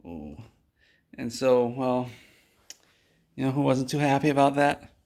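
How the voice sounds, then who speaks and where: A man tells an absurd story in a flat, deadpan way, wandering and restarting as he goes. His voice has a gravelly, creaky edge and sits at an ordinary pitch for a man. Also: unhurried. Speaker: video host. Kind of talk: absurd tall-tale storytelling.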